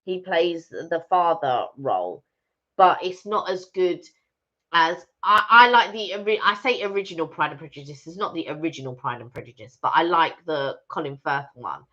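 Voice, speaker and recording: A woman chats away as co-host of a live stream. She rambles, restarts and fills with ums, in a bright, forceful, slightly low voice. The audio is dull and lo-fi. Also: animated, normal speed. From Britain. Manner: chatty, rambling, lots of restarts and fillers. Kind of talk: casual chat.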